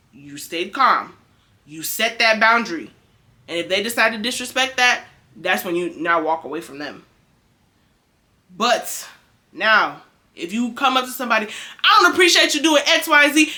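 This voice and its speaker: A young woman talks straight to camera in a casual advice vlog. Her voice sits a little high and sounds bright and forceful. She is firm and emphatic and circles back to repeat her points. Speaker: vlogger.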